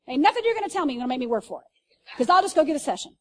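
A woman pastor preaching to a congregation, telling stories in an animated way with loud bursts and asides. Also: high-pitched, racing, slight background noise. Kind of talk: sermon. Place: church service.

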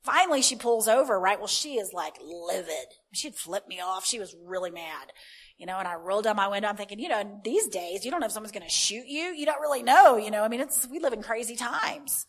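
A woman's voice: mid-range voice, lively intonation, a little fast, slightly rough. A woman preaching a sermon, telling stories in a conversational way and breaking into fervent declarative prayer.

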